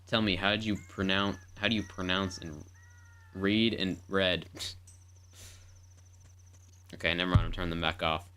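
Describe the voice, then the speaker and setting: A woman with a bass voice streams a game live, narrating her moves in a rambling, playful way and repeating words. Her intonation stays fairly even at a normal speed, with frequent pauses, a slightly bright tone and a little hiss or hum. Game music plays behind her casual commentary.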